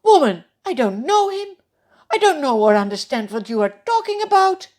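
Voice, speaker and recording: Woman reading a scared guy in a kids bible story, loud and pushy denials, voice jumps around a lot. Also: high-pitched, sing-song, moderate pace, pitched above the performer's own voice. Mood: defensive. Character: frightened grown man denying a friend.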